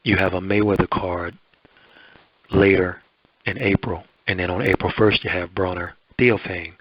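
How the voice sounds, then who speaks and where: Hoarse, low-voiced male interviewer. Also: fairly even intonation, normal speed, dry recording. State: hoarse, voice almost gone. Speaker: boxing interviewer and show host. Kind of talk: radio-style interview and commentary. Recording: dull lo-fi dry recording.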